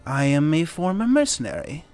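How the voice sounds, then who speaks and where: A half-elf woman in her seventies, a retired mercenary, voiced by a man, speaking slowly and bluntly in a lifted voice. Faint music runs under it. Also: wildly swooping pitch, a little mellow. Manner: slow and blunt, raised pitch.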